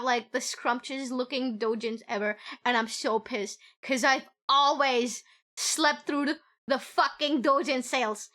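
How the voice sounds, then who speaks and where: A woman streamer chats casually from her home setup into a desk mic. Her voice sits high and sharp, bright and forward. She gushes with excitement, giggles often and swears without a second thought. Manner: gushing and excitable, squealing with delight. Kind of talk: casual live-stream chat.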